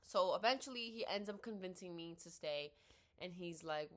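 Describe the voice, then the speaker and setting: Young New woman, blunt ranting storyteller. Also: fairly low pitch. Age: young adult. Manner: blunt, swears freely, quotes herself and others in quick dialogue. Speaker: vlogger. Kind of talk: casual storytelling rant. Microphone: laptop built-in mic.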